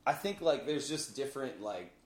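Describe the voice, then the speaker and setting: A man talking casually as a podcast guest, animated and jokey, breaking into silly voices. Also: mid-range voice, normal speed, roomy sound. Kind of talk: casual chat. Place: podcast studio.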